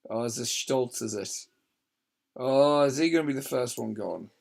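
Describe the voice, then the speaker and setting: A man's voice: mid-range voice, moderate pace, vocal fry. A man chatting casually through a film commentary from bed, rambling and laughing often. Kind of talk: casual chat. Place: lying in bed indoors.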